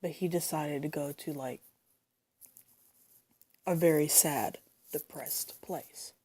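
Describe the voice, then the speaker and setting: Indignant young woman ranting, mellow voice. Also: deep voice, takes it slowly. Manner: indignant, swears a lot, repeats herself. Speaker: vlogger. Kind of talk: angry casual rant. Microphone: phone.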